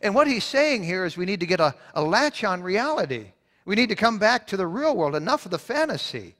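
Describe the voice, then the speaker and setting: A man's voice: sits high, sing-song, a little fast, fairly bright tone. A man preaching a sermon as pastor, earnest, repeating points for emphasis, often restarting his words. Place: church sanctuary. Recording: long church reverb.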